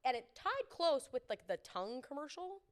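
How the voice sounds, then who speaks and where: A young woman from Canada co-hosting a sports podcast in casual chat, talking quickly with lots of asides. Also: high voice, sing-song. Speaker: podcast co-host.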